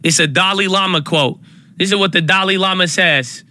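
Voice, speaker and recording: Hyped-up male stock streamer, bright voice. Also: sits high, normal speed, no room sound, studio quality. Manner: hype, energetic, repeats phrases. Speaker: livestream stock trading host. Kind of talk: casual live stream chat.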